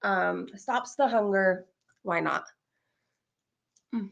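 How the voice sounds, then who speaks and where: A woman's voice: mid-range voice, takes it slowly, creaky, a bit bright, lo-fi sound, a little hiss or hum. A woman hosting a casual livestream, chatting to her viewers and laughing often. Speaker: livestream host.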